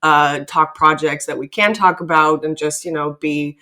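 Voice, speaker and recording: A woman's voice: sits low, steady tone, moderate pace, pushed and bright. A woman from Germany, a guest illustrator, chatting casually and laughing easily. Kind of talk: casual chat.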